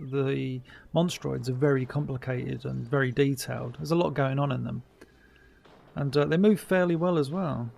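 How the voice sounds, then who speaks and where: A man's voice: mid-range voice, creaky. A middle-aged man giving a casual, chatty commentary over an old cartoon, wry and mock-dismissive. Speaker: commentary host.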